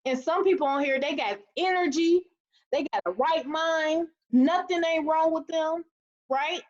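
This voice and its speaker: A high-pitched woman in her thirties gives a motivational talk to her team on a webinar. She is animated and preachy and acts out the quotes in her stories. The audio is dull and lo-fi, as from a computer mic. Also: unhurried. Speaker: team leader.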